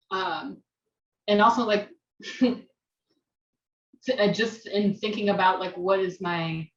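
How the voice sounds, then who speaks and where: A woman's voice: lowish voice, a bit bright. An American woman, a dance teacher, thoughtfully recounting her experience on a video-call forum, often restarting her sentences. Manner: thoughtful, restarts, laughs self-consciously. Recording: roomy, distant, dull video-call audio.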